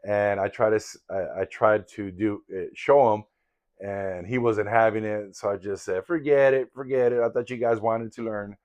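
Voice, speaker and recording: Older man, somewhat low voice, rambling and candid, reflective personal story vlog. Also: level tone, normal speed, darkish tone. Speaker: vlogger in sobriety recovery.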